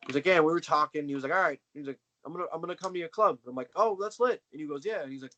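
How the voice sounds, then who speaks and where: A man's voice: on the high side, rapid-fire, pushed and bright, muffled recording. A young man, a wrestler, talking casually on a video call as an interview guest, slangy and boastful as he tells his story.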